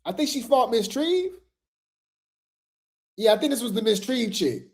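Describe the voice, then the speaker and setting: A woman's voice: on the high side, expressive, a little slow. A woman hosting a casual gossip commentary show, chatty and slangy, laughing often as she talks.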